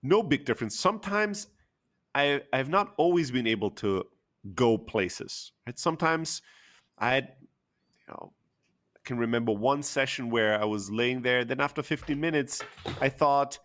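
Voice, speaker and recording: A man's voice: mid-range voice, lively intonation, moderate pace, fairly bright tone. A man telling an emotional personal story candidly, with frequent fillers and the odd swear word.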